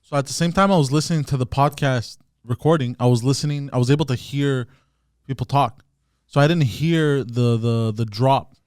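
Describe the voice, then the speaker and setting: Male producer, mid-pitched, dry close mic, hesitant and defensive. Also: moderate pace, darkish tone, no room sound. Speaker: podcast producer. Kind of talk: casual chat.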